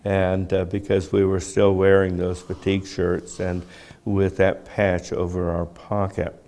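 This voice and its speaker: An older man in his seventies delivers a sermon at an unhurried, deliberate pace. His voice sits a little low, and he talks in a reflective way, pausing on rhetorical questions to the congregation. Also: level tone, a little mellow. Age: 70s. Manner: measured, reflective, poses rhetorical questions to the listeners. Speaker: preacher.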